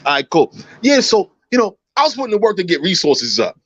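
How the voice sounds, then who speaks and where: A man in his thirties hosting a casual livestream chat, talking in an animated, slangy way. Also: sits high, fairly quick, muffled recording. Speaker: host. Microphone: phone.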